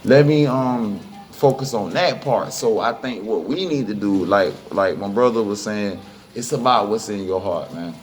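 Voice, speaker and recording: A man giving a heated, profane, unscripted speech, repeating himself and jumping high in pitch when angry. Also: normal speed.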